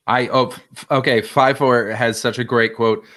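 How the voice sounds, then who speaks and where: A man's voice: mid-range voice, fairly even intonation, a little slow, fairly bright tone. A man co-hosting a stream in casual chat, with dry, wry remarks. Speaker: stream co-host.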